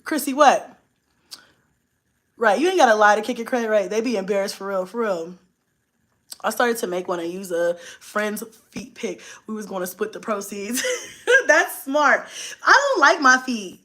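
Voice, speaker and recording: A woman's voice: mid-range voice, lively intonation, normal speed, pauses often, sharp tone. A young woman, chatting bluntly and profanely on a live stream and laughing often. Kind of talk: casual live-stream chat.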